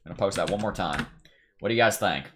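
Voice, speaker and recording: Fast-talking low-voiced man with a Tennessee accent. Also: fairly bright tone, a little hiss or hum. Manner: upbeat, chatty, thinks aloud while reading charts. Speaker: crypto livestream host. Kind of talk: casual livestream chat reading viewer comments.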